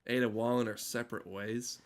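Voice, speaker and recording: A man's voice: mid-range voice, flat delivery, fairly quick. Rambling, swearing male game streamer. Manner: rambling, swearing, self-interrupting, joking with chat. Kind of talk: casual gaming stream commentary.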